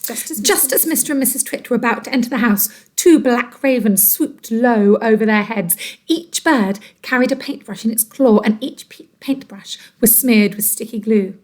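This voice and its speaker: A teacher reading a storybook aloud to children, expressive and dramatic. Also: female voice, a little high, normal speed.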